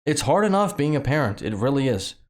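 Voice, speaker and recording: A man's voice: mid-range voice, big pitch swings, fairly quick. A man with a slight lisp hosting his own channel, giving heated, repetitive commentary full of fillers and restarts. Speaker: channel host commenting on news. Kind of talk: casual ranting commentary.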